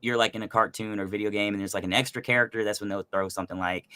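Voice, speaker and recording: Male host, youthful and resonant, bright, dry close sound, energetic and rambling. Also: lowish voice, fast talker, no room sound. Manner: energetic, loose, lots of fillers. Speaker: host and voice actor. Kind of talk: casual chat.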